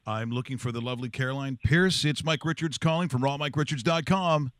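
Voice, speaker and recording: A man's voice: mid-range voice, brisk, a bit bright, no echo, studio quality. A man hosting a casual interview show, talking enthusiastically and rambling with many fillers. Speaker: podcast host.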